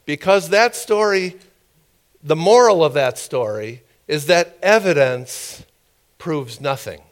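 A man preaching a sermon, telling a story in a conversational, halting way with many fillers. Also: on the high side. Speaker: pastor.

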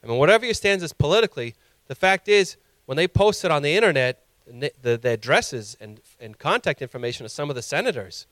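Impassioned male preacher, slightly high voice. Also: lively intonation, fairly quick, hardly any pauses, fairly bright tone, dry recording. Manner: impassioned preaching, rising to emphatic peaks. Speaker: pastor. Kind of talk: sermon.

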